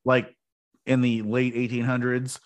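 A man's voice: mid-range voice, monotone, unhurried. A young man in casual chat, rambling and swearing as he tells stories. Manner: rambling, swearing, restarts often.

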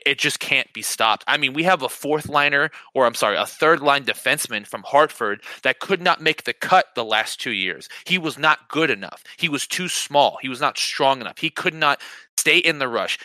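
A man talking sports on a podcast in an excited, animated voice that is very bright and forceful. He often stumbles over his first words and repeats them before pushing on. The sound is close and dry, with no room around it. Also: medium pitch, dry recording. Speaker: podcast co-host. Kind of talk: casual sports chat.

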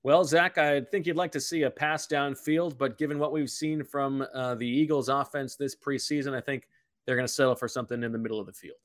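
A man's voice: medium pitch, fairly even intonation, brisk, no echo, clean studio sound. A man working as a football color commentator, opinionated and emphatic, who gets fired up about the calls.

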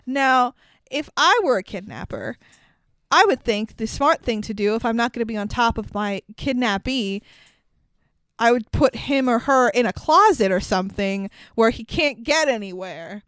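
A woman co-hosting a casual movie recap podcast, animated and exasperated, swearing freely. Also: fairly high pitch, normal speed, clear, resonant tone, no echo. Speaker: podcast co-host.

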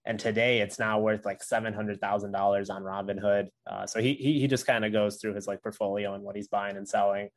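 A man's voice: lowish voice, flat delivery, a little fast, few pauses. A man who runs an investing channel, talking in a loose, rambling way with many filler words during a casual chat with another creator. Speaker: investing YouTuber. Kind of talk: casual conversation between creators.

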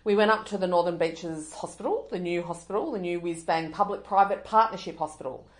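A woman's voice: on the low side, fairly quick. A middle-aged Australian woman co-hosting a casual chat, ranting in exasperation and swearing freely. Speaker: podcast co-host.

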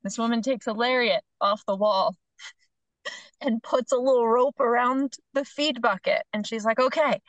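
A middle-aged woman with a somewhat high voice tells a story with lots of animation, playing out each person's lines and laughing as she goes. The sound is close and dry, with no room around it. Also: normal speed, no room sound, muffled recording. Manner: animated storyteller, acts out the other people's lines, laughs between phrases. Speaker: horse trainer, podcast guest. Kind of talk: casual storytelling chat.

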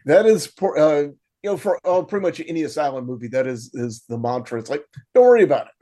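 A man's voice: a little high, fairly even intonation, a little fast, mellow. Dry-humored man on a podcast. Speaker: podcast co-host. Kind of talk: casual chat.

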